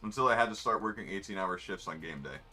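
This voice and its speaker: Talking fast with an animated, sharp, low voice, the man rambles through offhand, wry comments on the racing game he's streaming. Soft music plays behind his casual commentary.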